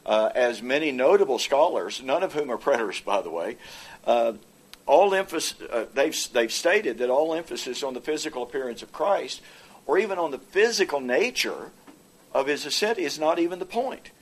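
Debater, male, mid-pitched, argues point by point and stumbles over fillers often. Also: animated. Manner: halting, frequent "uh" fillers and restarts. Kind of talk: formal theological debate presentation. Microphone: presenter with projected notes.

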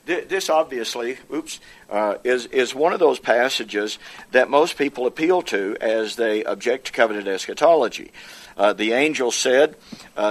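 Man making a halting debate argument. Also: medium pitch, lively intonation. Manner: halting, frequent "uh" fillers and restarts. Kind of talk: formal theological debate presentation. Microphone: presenter with projected notes.

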